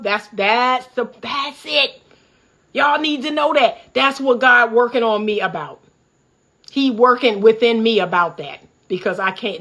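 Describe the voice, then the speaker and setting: Hosting a livestream, a middle-aged relationship coach from the Washington D.C. area gives a candid, preachy, fired-up commentary monologue. Her voice sits in the mid-range and has a slightly bright quality.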